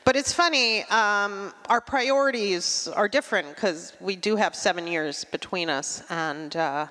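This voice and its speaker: A middle-aged woman doing a stand-up comedy set, with a dry, deadpan delivery and quick asides. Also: mid-range voice. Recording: long hall reverb.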